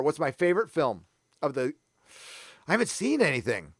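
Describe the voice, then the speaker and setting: A man's voice: mid-range voice, very animated, normal speed, dry recording, clean studio sound. A man from San Diego hosting a live stream, chatting casually in a rambling, self-deprecating way. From San Diego, California. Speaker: livestream host.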